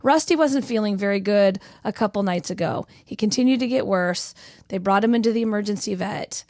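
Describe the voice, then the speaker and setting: A woman's voice: mid-range voice, fairly quick, dry recording, studio quality. A middle-aged woman co-hosting a morning show, teasing her partner and telling stories playfully. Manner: playful, teasing, animated storyteller. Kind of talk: casual radio banter.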